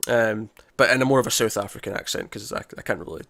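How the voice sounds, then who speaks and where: A man's voice: fairly low pitch, fast talker, creaky, a bit bright. A man co-hosting a casual TV review chat, rambling with restarts and quoted lines. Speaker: podcast co-host reviewing a TV episode.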